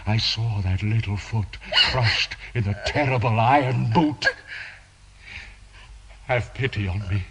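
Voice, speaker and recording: An actor playing a tormented, obsessive priest in a radio drama, pleading and anguished, swinging between hushed murmurs and shouts. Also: male voice, lowish voice, slow pace, pauses often, noisy background. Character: tormented obsessive male priest, middle-aged.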